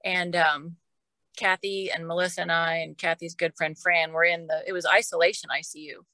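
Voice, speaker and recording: A middle-aged woman tells a personal story as a guest on a podcast. Her voice is bright and clear, recorded dry and close with little room sound. She talks in an emotional, casual way and often repeats words as she goes. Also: on the low side, little pitch movement, moderate pace, no room sound, low-quality recording. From Oklahoma.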